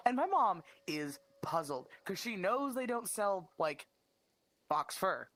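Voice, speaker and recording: A speaker chatting casually with a streamer, telling short anecdotes in a deadpan manner. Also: medium pitch, normal speed, low-quality recording. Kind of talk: casual chat.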